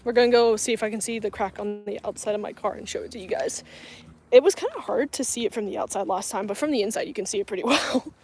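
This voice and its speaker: A woman's voice: medium pitch, fast talker, a little mellow, faint music behind. A woman in her twenties from coastal North Carolina, chatting casually with her viewers on a phone camera while outdoors, laughing often as she answers their comments. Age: 20s. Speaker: vlogger. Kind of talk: casual livestream chat. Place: outdoors, parking lot and grassy area.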